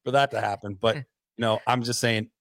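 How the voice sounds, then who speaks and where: A man's voice: mid-range voice, fairly even intonation, fairly quick, creaky, a bit bright, no room sound. Male radio co-host, casual banter, sarcastic jokes, dry studio sound. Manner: joking, sarcastic.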